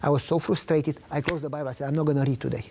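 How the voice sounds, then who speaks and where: A man's voice: on the high side, fairly even intonation, racing, gravelly, warm tone, a little hiss or hum. A man earnestly recounting a personal faith story in a conversational interview, acting out the dialogue he quotes. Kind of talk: conversational testimony.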